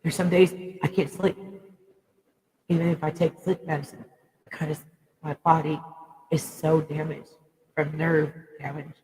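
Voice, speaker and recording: A woman's voice: deep voice, level tone, unhurried, pauses often, a little mellow, big-room sound, poor audio. A woman giving a raw, emotional personal monologue to viewers, speaking bluntly and swearing freely.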